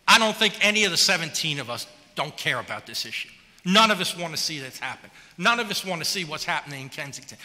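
A man's voice: high-pitched, pushed and bright, long reverb tail. A city councilman giving an impassioned, plainspoken floor speech before a vote, pressing his case with repeated rhetorical questions into a podium microphone.

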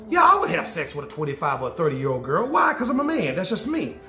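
Brief: man in his forties, high voice, crude comic vlog rant, echoey room, faint music behind. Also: huge pitch swings, fast talker, hardly any pauses. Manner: loud, joking, playfully crude. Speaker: vlogger and DJ. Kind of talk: casual comedic monologue to camera.

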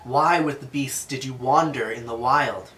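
A man's voice: medium pitch, moderate pace, sharp tone, roomy sound, close to an everyday voice. A man voicing an ancient temple priestess, reading her words aloud grandly. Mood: inviting. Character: alluring ancient temple priestess, adult woman.

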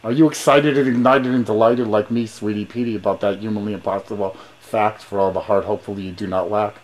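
A man's voice: lowish voice, steady tone, quick pace, darkish tone, a little hiss or hum. Rhyming, preachy man on a phone call. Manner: rhyming, preachy, sing-song patter; pushy, grandiose. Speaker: caller.

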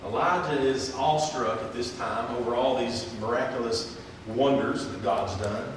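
A man's voice: medium pitch, normal speed, a little hiss or hum. A man preaching a sermon as pastor, earnest and folksy, with plain everyday grammar, reading scripture aloud in old-fashioned wording. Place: church sanctuary. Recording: echoey church hall, voice from far off.

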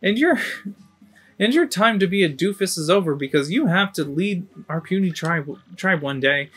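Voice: medium pitch, lively intonation, normal speed, fairly bright tone, husky, soft background music, voice pushed up. A game streamer voicing a cranky, bossy old tribal elder woman who lectures and scolds. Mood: scolding.

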